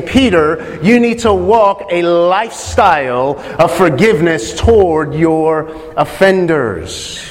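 Man, preacher, sermon, rhetorical questions, high voice, long reverb.

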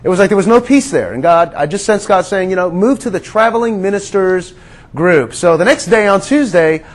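A man preaching a sermon in a conversational, earnest way, calling his listeners friends and sinking to a hush on quiet words. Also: sits high, lively intonation, fairly quick.

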